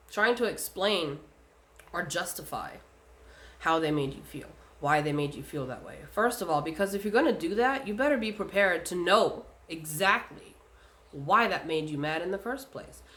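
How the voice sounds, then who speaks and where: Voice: mid-range voice, a bit bright. A speaker talking casually and bluntly, giving spiritual advice in a vlog, swearing often and using lots of fillers.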